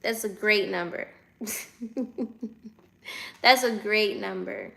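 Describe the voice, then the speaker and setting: A woman's voice: medium pitch, normal speed, vocal fry, fairly bright tone. A woman in her twenties chatting casually on a livestream from her phone, reading out viewer comments and answering them. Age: 20s.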